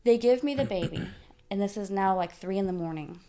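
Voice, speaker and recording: This young adult woman, a guest on a podcast, tells a personal story in a casual chat with a medium-pitched, brisk and warm voice. She acts out the dialogue and keeps saying "dude" and "like".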